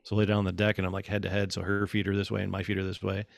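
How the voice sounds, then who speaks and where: A man chatting casually on a podcast, telling animated stories and acting out what people said. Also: low voice, racing, vocal fry. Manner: animated storyteller, acts out quotes. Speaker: podcast guest. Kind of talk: casual chat.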